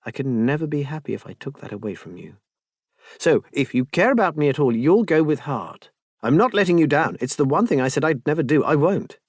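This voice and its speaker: A man voicing a frank, spirited young woman in an audiobook, raising his pitch and speaking emphatically. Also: lively intonation, a little fast, no echo, studio quality. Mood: earnest. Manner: raised pitch, brash and emphatic. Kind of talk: audiobook character voice.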